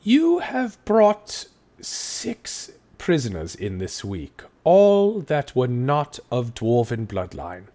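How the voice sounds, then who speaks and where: A man voicing a strict male dwarf constable who speaks in formal, measured pronouncements. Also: medium pitch, wildly swooping pitch, mellow. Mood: stern.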